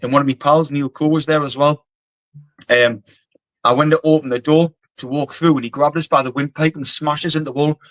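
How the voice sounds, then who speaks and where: A man's voice: on the high side, fairly even intonation, fairly quick, a bit bright, no echo, low-quality recording. A middle-aged man with a Geordie accent, a former soldier telling stories as a guest, blunt and rambling, swearing freely. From North East England. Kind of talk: casual storytelling interview.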